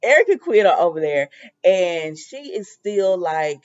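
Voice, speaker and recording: A woman's voice: on the low side, a little slow, smooth. Chatty woman recapping soap episodes. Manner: chatty and animated, laughs while retelling scenes. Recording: dull lo-fi dry recording.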